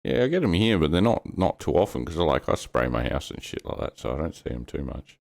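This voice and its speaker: A man with an Australian accent and a very deep voice, chatting casually and swearing freely as a podcast co-host. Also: big pitch swings, fast talker, vocal fry, darkish tone. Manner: laid-back, sweary, laughs often. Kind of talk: casual chat.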